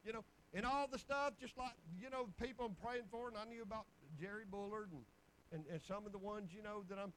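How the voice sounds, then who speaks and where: A man's voice: high voice, brisk, a bit bright, slight background noise, rough recording. A man, preaching in a folksy storytelling way with bursts of exclamation. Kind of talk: sermon testimony.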